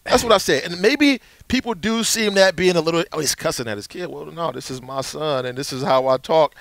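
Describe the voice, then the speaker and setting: A man in his thirties co-hosting a casual sports podcast, telling stories with lively quoted voices. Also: fairly high pitch, moderate pace, vocal fry, no echo. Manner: animated storyteller, acts out quotes. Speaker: podcast co-host.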